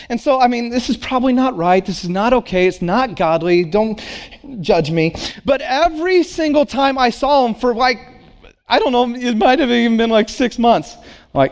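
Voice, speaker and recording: High-voiced man preaching a sermon. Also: lively intonation, normal speed, creaky. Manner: storytelling, conversational. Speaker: pastor.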